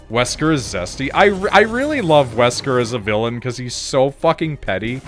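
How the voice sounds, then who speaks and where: A man chats casually while streaming a game, rambling through restarts and tossing in casual swearing. His pitch moves in a lively, animated way as he talks. Faint music plays in the background. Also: normal speed, few pauses. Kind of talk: casual chat while gaming.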